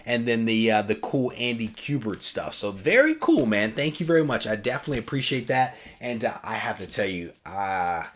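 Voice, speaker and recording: Guy chatting casually while unboxing comics, laid back, lots of uh's. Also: on the low side. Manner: relaxed, chatty, many "uh" pauses, reads fan mail aloud. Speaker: comic collecting channel host.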